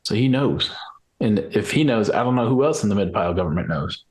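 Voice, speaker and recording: A jittery young mechanic stumbles and restarts as he unloads a worrying secret, as a man plays him in a tabletop game. His voice sits a little low. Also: expressive, a little mellow, close to an everyday voice. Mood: anxious. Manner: halting, restarts, rushed worry. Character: anxious young male mechanic confessing a secret. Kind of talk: tabletop role-play in character.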